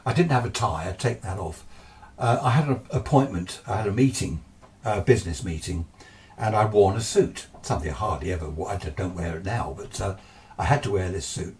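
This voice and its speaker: A man with a fairly low voice recounting his ghostly experience as a casual spoken recollection. He often restarts and backtracks as he recalls details. The sound is a little distant from the microphone. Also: a little fast, darkish tone. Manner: hesitant, with frequent restarts and asides. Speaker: ghost story narrator.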